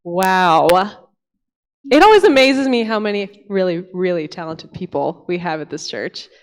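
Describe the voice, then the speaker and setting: A woman's voice: on the low side, animated, moderate pace, a little hiss or hum. A young woman from East Tennessee telling a candid, emotional personal story to a church audience, chatty and full of fillers. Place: church sanctuary. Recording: long hall reverb.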